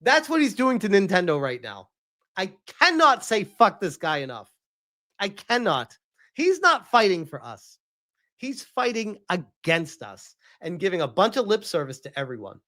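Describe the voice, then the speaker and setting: A man's voice: high voice, huge pitch swings, normal speed, sharp tone. Fired-up, profane man ranting on stream. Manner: heated, profane, exasperated. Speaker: gaming streamer. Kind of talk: live stream rant.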